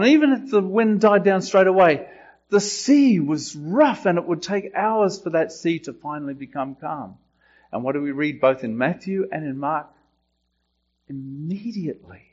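A man preaches a sermon in a higher-pitched voice, taking his time and leaning hard on key phrases. He lifts his voice when quoting, and the recording sounds a little dull and lo-fi. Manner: slow, emphatic preaching with quotes rising in pitch. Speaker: pastor.

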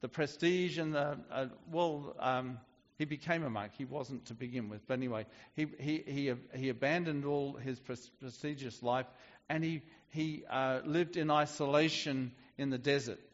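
A man's voice: mid-range voice, moderate pace, big-room sound, muffled recording. A man preaching a sermon in a conversational way, often restarting his sentences. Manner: conversational with frequent restarts and fillers.

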